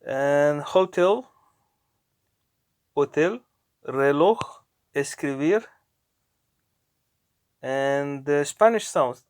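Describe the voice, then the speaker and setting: A man narrating his own language lessons, talking slowly and haltingly and often correcting himself. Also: fairly high pitch, smooth, no room sound. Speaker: language learner. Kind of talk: narrating app lessons aloud.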